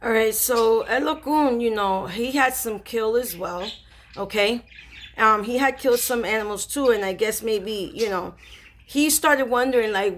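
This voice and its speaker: A woman spiritual reader casually retelling a story in slangy, animated speech with lots of fillers. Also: fairly high pitch, moderate pace, a little hiss or hum.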